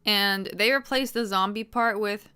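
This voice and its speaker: A woman's voice: mid-range voice, measured pace, sharp tone, clean tone. A young adult woman chatting casually on a livestream, rambling and swearing freely.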